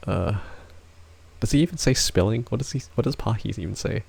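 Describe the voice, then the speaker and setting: Hoarse, breathy, gravelly-voiced man streaming. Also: on the low side, lively intonation, fairly quick, darkish tone. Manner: breathy, laughs often, rambling with restarts. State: hoarse, worn-out voice. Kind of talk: casual live-stream chat to viewers. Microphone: close ASMR microphone.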